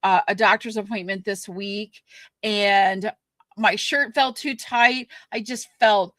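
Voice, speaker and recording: A woman co-hosting a podcast, ranting with frustration and many halting restarts. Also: mid-range voice, fairly even intonation, a bit bright, no room sound. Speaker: podcast co-host. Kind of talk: candid podcast conversation.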